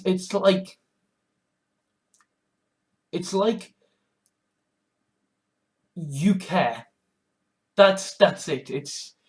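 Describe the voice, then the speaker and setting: A man in his twenties in a rambling vlog monologue, halting and sardonic, with many restarts. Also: high-pitched, a little mellow. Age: 20s. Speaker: vlogger.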